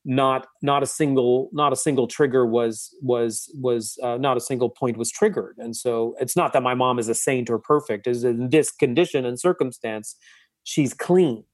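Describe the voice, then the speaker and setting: A man, a book's author, recounting a personal story in a reflective, halting way with frequent restarts. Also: mid-range voice, no room sound, clean studio sound. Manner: thoughtful, halting, many restarts. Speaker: author and guest.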